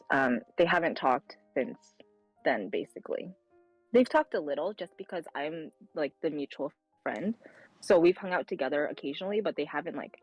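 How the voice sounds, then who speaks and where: A woman's voice: low-pitched, no echo, low-quality recording. Young woman telling a story, dry sound. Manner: animated, acts out dialogue with lively voice changes. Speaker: guest telling a story on a stream. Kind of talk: casual storytelling.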